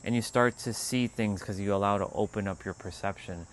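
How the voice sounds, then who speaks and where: A man hosting a casual spiritual livestream, talking in a calm, unhurried way that turns loose and profane at times. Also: fairly low pitch, a little hiss or hum. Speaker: livestream host.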